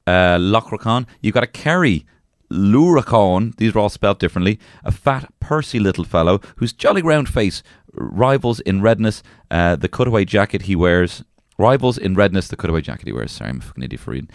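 A man's voice: fairly low pitch, very animated, a little fast, dry recording, clean studio sound. An Irish man co-hosting a podcast, chatting casually, swearing and joking while reading passages aloud. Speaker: podcast co-host. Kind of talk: casual chat.

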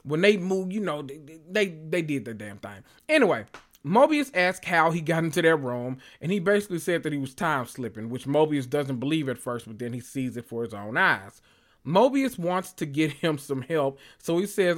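A man recapping a TV episode for his channel in a loose, casual reaction style. He talks with a sassy, animated edge and swears freely, and his voice sits a little higher than most men's. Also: a little fast. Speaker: recap vlogger.

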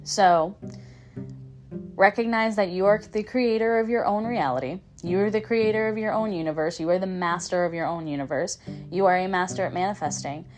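A woman's voice: mid-range voice, brisk, faint music behind. A woman hosting a podcast, talking casually and upbeat in a coaching tone, often repeating and restarting her phrases. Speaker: podcast host. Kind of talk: casual motivational monologue.

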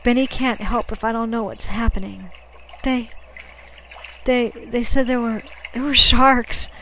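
A woman voicing a gruff but kindly older male sailor who coaxes and soothes, stammering now and then, in a storybook reading. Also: on the high side, fairly even intonation, fairly quick, slight background noise, low-quality recording. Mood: urgent.

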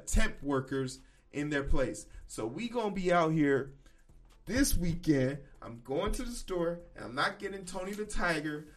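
A man hosts a casual podcast, riffing bluntly and profanely with sudden loud emphatic bursts. His voice sits a little high for a man, and faint music plays underneath. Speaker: podcast host. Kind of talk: casual opinion commentary.

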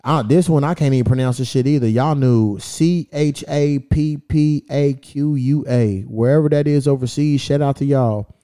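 On a laid-back podcast, a male host with a medium-pitched, warm voice talks at a normal pace with few pauses. He reads off where his listeners are tuning in from, speaking loosely and swearing as he goes.

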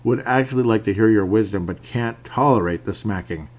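A fed-up complainer drags out every word in a put-on North Carolina accent, as a man reads a listener's message aloud. The voice sits fairly low. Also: fairly quick, a little mellow, close to an everyday voice. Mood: exasperated. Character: male listener complaining in a drawl.

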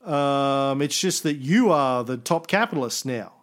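A man hosting a casual history podcast, explaining events thoughtfully with pauses and restarts. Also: medium pitch, expressive, fairly bright tone. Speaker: podcast host.

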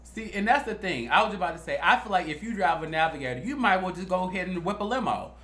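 A young man co-hosting a podcast, chatting casually and telling profane, animated stories. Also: high voice, fast talker, echoey room. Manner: animated storytelling, profane and playful. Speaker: podcast co-host.

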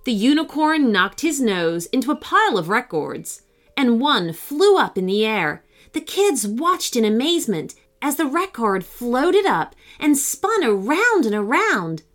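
Expressive woman reading a kids' story. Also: measured pace. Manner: expressive, voices the girls with higher excited pitch. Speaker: children's story narrator. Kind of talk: scripted storybook narration.

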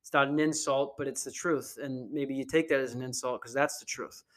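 A man's voice: medium pitch, fairly even intonation, brisk, fairly bright tone. A young man hosting a solo podcast, rambling and profane with many restarts and fillers, recorded on a computer mic. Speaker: podcast host. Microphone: computer mic on a video call.

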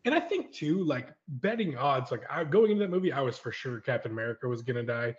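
A man guest-hosting a podcast, chatting in an animated way and laughing easily. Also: medium pitch, fast talker. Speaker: guest host. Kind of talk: casual chat. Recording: dull lo-fi audio.

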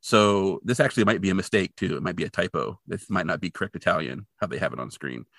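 Chatty man with a gravelly, bright voice. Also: low voice, quick pace, no room sound, clean studio sound. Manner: chatty, thinks aloud, second-guesses himself. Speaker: podcast co-host. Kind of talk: casual chat recapping a TV episode.

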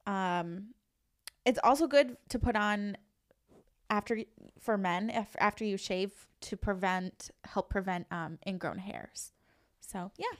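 A woman co-hosting a podcast, giggly and animated in casual banter. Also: medium pitch, measured pace. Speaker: podcast co-host.

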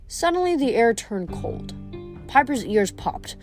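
A woman reading a novel aloud in an expressive storytelling manner. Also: a little high, unhurried, soft background music. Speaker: reader.

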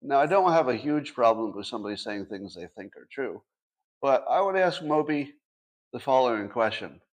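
A man's voice: medium pitch, expressive, moderate pace. A man in his sixties hosting a casual livestream, talking to his audience with dry sarcastic asides. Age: 60s. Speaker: podcast host.

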